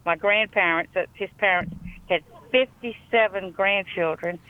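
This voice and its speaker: A woman's voice: medium pitch, a little slow, clear, resonant tone. Louisiana woman calling in on a phone line. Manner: chatty storyteller, warm and rambling. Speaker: caller. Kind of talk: call-in phone chat.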